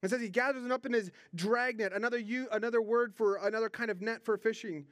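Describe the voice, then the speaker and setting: A young man with a high voice preaches earnestly, speaking conversationally and doubling back on words as he presses a point. The sound is dry and close, with no room around it. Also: fairly even intonation, fast, fairly bright tone, no room sound. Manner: earnest, repeats words when stressing a point. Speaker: pastor. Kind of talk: sermon.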